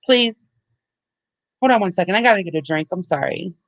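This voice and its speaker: A woman's voice: medium pitch, lively intonation, brisk, no room sound, low-quality recording. A woman hosting a livestream, ranting heatedly with lots of swearing and repeated restarts. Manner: heated, profane, repeats herself. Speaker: livestream host. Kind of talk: angry livestream rant.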